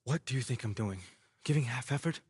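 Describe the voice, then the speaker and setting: An actor playing a frustrated, defensive young rookie basketball player in a raspy voice. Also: male voice, medium pitch, fairly quick, darkish tone, no echo, clean studio sound. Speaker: pro basketball player character.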